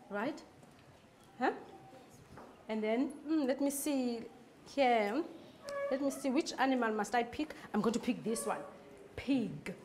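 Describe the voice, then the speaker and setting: A South African foundation-phase teacher with a high voice leads a phonics lesson for young children in her classroom, with slight background noise. Clapping along, she draws words out slowly and repeats them.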